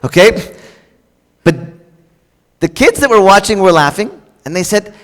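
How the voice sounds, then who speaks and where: In a big hall with long, echoing reverb, this man preaches a chatty, humorous sermon directly to his congregation, with offhand fillers and restarts. His high voice is very animated and a little bright, and he takes his time with frequent pauses.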